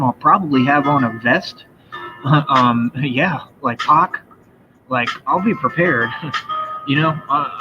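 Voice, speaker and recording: A man ranting on a livestream in a profane, combative, boastful way. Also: medium pitch. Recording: dull lo-fi sound with loud music behind. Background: loud music.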